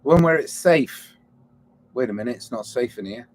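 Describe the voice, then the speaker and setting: Alone on his podcast, a man rambles reflectively, often starting thoughts over and veering from musing into outbursts, then apologizing with self-mocking asides. He speaks at normal speed in an expressive, mid-range voice, with a little hiss or hum in the recording.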